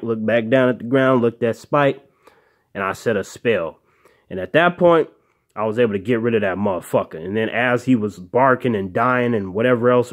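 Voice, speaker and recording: A man telling a comic tale to his channel in a brash, swaggering, profane way. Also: mid-range voice. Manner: brash, swaggering, heavy swearing. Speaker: storyteller host.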